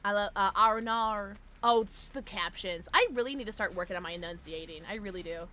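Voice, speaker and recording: A woman's voice: medium pitch, brisk, sharp tone. A young woman streaming a game, chatting casually and giggly with her viewers. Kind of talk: casual gaming stream chat.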